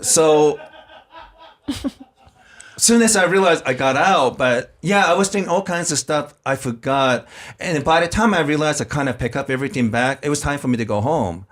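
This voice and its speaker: A man's voice: fairly high pitch, normal speed, fairly bright tone. A man from Japan with a Japanese accent, a podcast co-host telling comic stories casually and laughing through them. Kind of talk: casual comedic storytelling.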